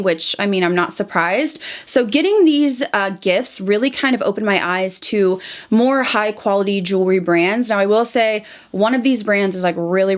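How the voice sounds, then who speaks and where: A young woman talking casually to camera in a beauty vlog, chatty and heartfelt, with lots of "like" and "um". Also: mid-range voice. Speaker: beauty vlogger. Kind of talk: casual monthly favorites vlog.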